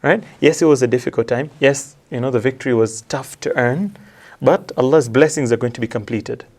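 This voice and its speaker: A man in a religious discussion, quickly reciting Quranic verses in Arabic and then explaining them in English. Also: mid-range voice, a little mellow. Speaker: religious commentator. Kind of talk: discussion analyzing a religious letter.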